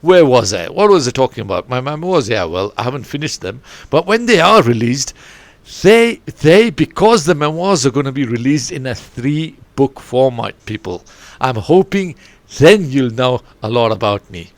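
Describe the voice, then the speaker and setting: A middle-aged coach hosts his own podcast from his bedroom, talking in a loose, digressive, animated way with the odd mild curse. His voice is mid-pitched with a gravelly edge. The sound is dry and close, with no room echo. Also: moderate pace. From Zambia. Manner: digressive, animated, mildly swearing. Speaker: podcast host and football coach. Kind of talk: rambling solo podcast chat. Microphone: home setup, no studio.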